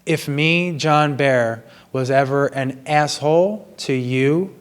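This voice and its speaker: Earnest, apologetic man, mid-pitched. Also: clean tone. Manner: earnest, apologetic, slow and measured. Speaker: vlogger sharing personal confessions. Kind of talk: reflective personal monologue. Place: gym.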